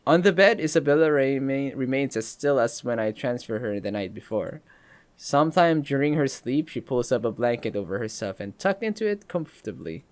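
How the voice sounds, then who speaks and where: A man reading a story game aloud with a lively, swooping delivery, stepping out now and then to crack jokes. His pitch sits mid-range but moves around a lot as he narrates. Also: normal speed. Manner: animated reading, breaks off for joking comments. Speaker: let's play host.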